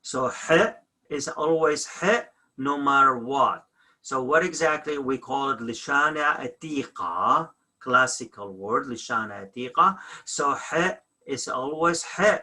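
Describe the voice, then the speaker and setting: Guy teaching a lesson, real slow, repeats words, keeps going "sorry, I mean". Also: mid-range voice, bright, forceful tone. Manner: explains slowly, repeats example words, corrects himself. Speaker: language teacher. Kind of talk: recorded language lesson.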